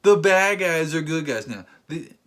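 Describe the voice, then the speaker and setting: A man's voice: a little high, animated, measured pace, a bit bright. A man reviewing a film in a ranting commentary, incredulous and emphatic, with sudden exasperated outbursts. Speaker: movie reviewer.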